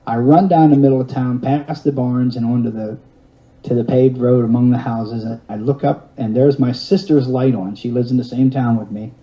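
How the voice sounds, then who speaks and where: A man's voice: medium pitch, fairly even intonation, moderate pace, lo-fi sound. A man in his fifties telling a long personal story in an interview, rambling along with restarts and wry, self-mocking humor. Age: 50s.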